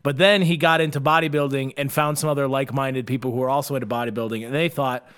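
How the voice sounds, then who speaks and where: A young man co-hosting a podcast from his basement, telling jokes and stories with loud laughter. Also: medium pitch, steady tone, quick pace, smooth. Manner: loud, laughing storyteller who slips into shouted character voices. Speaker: podcast co-host. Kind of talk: casual podcast banter. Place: home basement.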